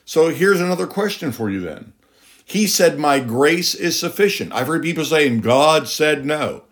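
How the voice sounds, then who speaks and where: A man's voice: animated, normal speed. Emphatic male preacher, middle-aged. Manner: emphatic, rhetorical questions, pitch rising on key lines. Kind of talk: sermon.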